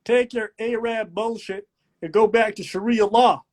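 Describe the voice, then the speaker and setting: A man's voice: high-pitched, fairly even intonation, unhurried, a little mellow, voice pushed up. A man putting on a blustering country man with a drawling, declaiming delivery. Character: blustering Southern country man giving a speech.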